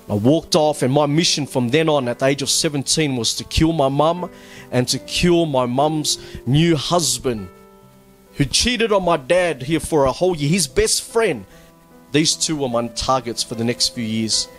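Man, higher-pitched voice, earnest personal testimony, halting with repeated words, faint music underneath. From Australia. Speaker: church testimony speaker. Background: faint background music.

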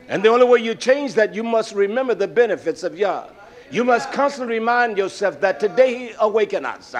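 An older man preaching a sermon as pastor, swinging from shouted climaxes to hushed storytelling, with frequent "uh" fillers. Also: high-pitched, expressive, normal speed.

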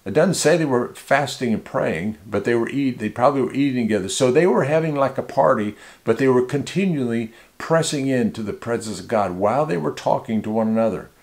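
A man's voice: medium pitch, animated, brisk, few pauses, a little mellow. A man preaching a conversational sermon to a small church, teaching in an informal way with frequent restarts and repeated words. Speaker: pastor.

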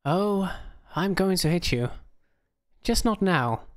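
A man's voice: sits high, expressive, takes it slowly, pitched above the performer's own voice. A man voicing a sarcastic young woman with a dry, mocking delivery in an audiobook. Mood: bossy. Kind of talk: audiobook character voice.

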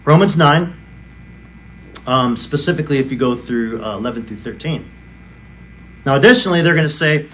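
A man's voice: medium pitch, lively intonation, normal speed, long pauses, a bit bright. A male pastor preaching a sermon, arguing emphatically and firing off rhetorical questions. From United States.

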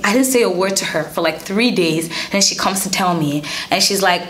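A young woman vlogger telling a story in an animated, indignant way, with casual slang. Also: mid-range voice, fairly quick, hardly any pauses. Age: young adult. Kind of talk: storytime vlog.

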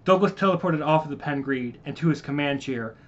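Man reading his sci-fi story aloud, halting, self-correcting, slightly high voice, muffled lo-fi audio. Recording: muffled lo-fi recording.

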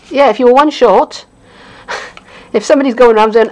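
Gravelly Welsh woman chatting about crafts. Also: on the high side, animated, brisk, a little mellow, rough recording. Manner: chatty, rambling, with frequent fillers and chuckles. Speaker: craft demonstrator. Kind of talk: casual unboxing chat.

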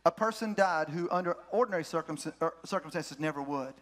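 High-voiced man preaching a lively sermon. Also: fairly quick. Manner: animated storytelling preacher, repeats key phrases. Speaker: pastor. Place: church sanctuary.

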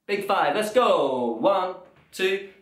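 A man's voice: high voice, animated, slow, noisy background. Upbeat man leading drums. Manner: upbeat, counting aloud, cheering kids on. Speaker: drum workshop leader. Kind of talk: energetic children's music class. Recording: echoey room with drum music.

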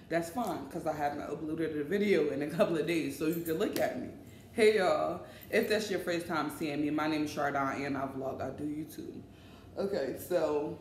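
A woman's voice: sits low, darkish tone, reverberant, slight background noise. A woman vlogger talking casually and informally to her viewers, often calling them y'all. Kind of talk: casual vlog chat. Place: in line at a shopping mall coffee shop.

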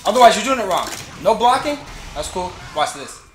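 A man streaming a fighting game, giving excitable running commentary and trash talk between laughs. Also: sits high, fairly quick. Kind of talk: live gameplay commentary. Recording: roomy echo with faint game music.

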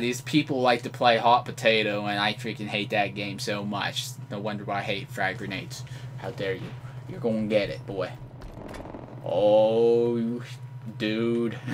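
A young man giving live gameplay commentary, trash-talking opponents with playful mock threats and sudden outraged yells. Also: on the low side, slight background noise. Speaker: gamer commentator.

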